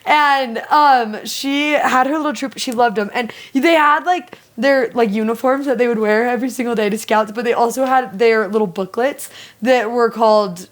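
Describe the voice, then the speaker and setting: A young woman talks through scripture in a relaxed, conversational way, full of "like" fillers and lively storytelling. Her voice sits a bit high for a woman, and she sounds like a co-host chatting on a faith-study show. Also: moderate pace. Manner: animated storyteller, frequent "like" fillers. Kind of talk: casual scripture discussion.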